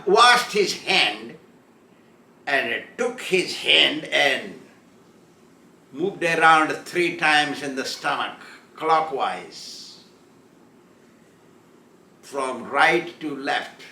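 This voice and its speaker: A man gives a storytelling sermon, chuckling as he goes and acting out the voices in the story. His voice is high and bright, and he speaks slowly. The room echoes. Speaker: spiritual teacher.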